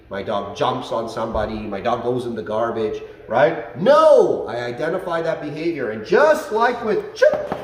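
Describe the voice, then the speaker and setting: A man's voice: medium pitch, recorded from a distance. A man teaching dog training, explaining commands and acting out how he tells dogs off, recorded in a training facility. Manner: animated, acts out commands to dogs in a loud excited voice. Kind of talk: instructional talk. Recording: echoey room, away from the mic.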